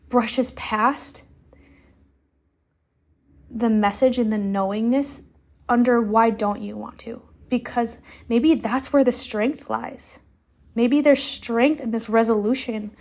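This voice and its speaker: A woman's voice: fairly high pitch, gravelly, a little mellow. Chatty, rambling woman podcaster. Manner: loose, rambling and candid, with frequent "like" and laughs. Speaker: podcast host. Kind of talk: solo podcast monologue.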